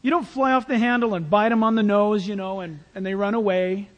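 Very high-voiced man preaching in a reverberant hall. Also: fairly quick, muffled recording. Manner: conversational, animated preaching with playful asides. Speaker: pastor. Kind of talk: sermon.

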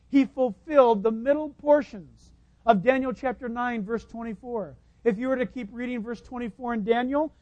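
A man preaching a sermon, stressing key lines with sudden high leaps and dropping into chatty asides. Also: no echo. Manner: emphatic preaching, voice leaping high on key phrases. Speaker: pastor.

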